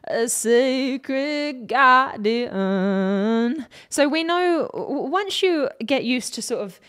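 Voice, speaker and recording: A woman's voice: high voice, very animated, normal speed. A woman, a vocal coach, analysing a song in a reaction video and demonstrating the sounds with her own voice.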